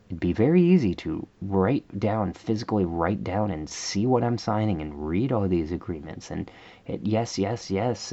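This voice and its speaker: A man's voice: sits low, creaky, mellow, dull audio. A man vlogger telling a rambling, exasperated story in a casual rant, full of fillers.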